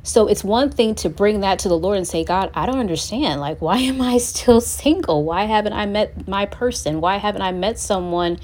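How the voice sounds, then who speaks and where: A woman's voice: mid-range voice, normal speed, few pauses, darkish tone. A young adult woman hosting a faith-based talk for singles, earnest and encouraging, speaking conversationally and acting out prayers aloud. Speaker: host.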